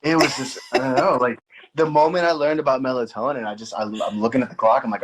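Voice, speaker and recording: A man's voice: mid-range voice, quick pace, a little hiss or hum, poor audio. A man hosting a podcast, chatting casually and laughing as he tells stories about his young kids. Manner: laughing, relaxed storyteller. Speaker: podcast host. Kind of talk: casual chat.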